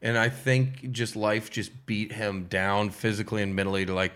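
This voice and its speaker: A man on a podcast, telling stories in a lively, animated way. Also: fairly low pitch, normal speed, clean tone. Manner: animated storyteller, acts out quotes. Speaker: podcast guest, impressionist. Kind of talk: casual chat, storytelling.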